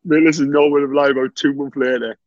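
A man's voice: medium pitch, steady tone, fast talker, no echo, muffled recording. A man telling stories in a casual chat, laughing often and saying "mate" constantly. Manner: laughs a lot while telling anecdotes, says "mate" constantly.

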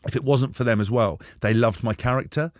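A man in his thirties, a former rugby player from England, telling animated, jokey stories as a radio guest. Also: mid-range voice, a little fast, no echo, studio quality. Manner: animated, jokey, acts out quoted voices. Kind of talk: casual storytelling on radio.

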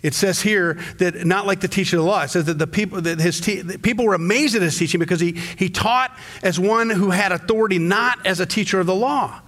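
A middle-aged man, the pastor, preaching a sermon in a church, telling stories and acting out quotes with sudden jumps in pitch. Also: a little fast, hardly any pauses, fairly bright tone.

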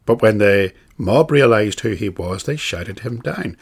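A man teaching a catechism class on a bible passage, speaking in a measured, emphatic way and repeating phrases for stress. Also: fairly low pitch, lively intonation, gravelly, breathy edge.

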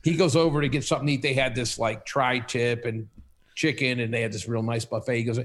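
Speaking fast in a mid-range voice, a man who runs a company tells animated stories on a podcast. In this casual storytelling interview, he performs the dialogue of each tale.

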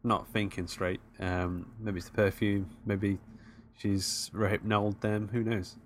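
A man's voice: lowish voice, little pitch movement, a little slow, a little hiss or hum. A man co-hosting a casual film chat, easygoing and a little hesitant as he recaps scenes. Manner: easygoing, hesitant, many fillers. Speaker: podcast co-host.

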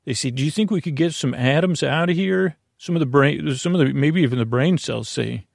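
A middle-aged man hosting a sleep podcast, talking in a meandering, self-interrupting, soft and lulling way with a creaky voice. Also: mid-range voice, moderate pace, hardly any pauses, no room sound, clean studio sound. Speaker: podcast host. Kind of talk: rambling sleep podcast monologue.

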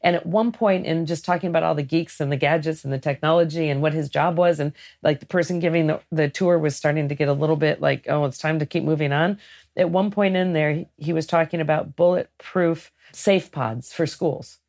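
A woman's voice: deep voice, brisk. A woman being interviewed about running a sailing program, chatting casually and acting out the things people say to her. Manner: lively storyteller who acts out what others say. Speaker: guest, head of a sailing program.

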